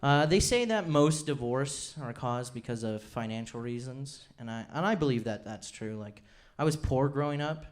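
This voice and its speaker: A young man from Utah performing a stand-up comedy set on a club stage with a handheld mic. He is chatty and self-deprecating, and he slips into quick impressions of his family. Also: mid-range voice, animated. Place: comedy club stage before a laughing audience.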